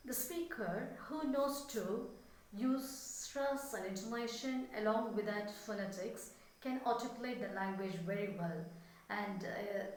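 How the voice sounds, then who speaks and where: Woman teaching english, lots of uh and restarts, bit high voice, really echoey room from far off. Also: slight background noise. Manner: explains slowly with many fillers and restarts. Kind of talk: spoken lesson.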